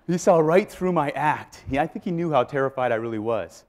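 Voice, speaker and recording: A man giving a motivational keynote speech, telling a story with lively re-enactments to a live audience. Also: a little high, a little fast, hardly any pauses. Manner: animated, acts out scenes and voices. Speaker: keynote speaker. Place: live event before an audience.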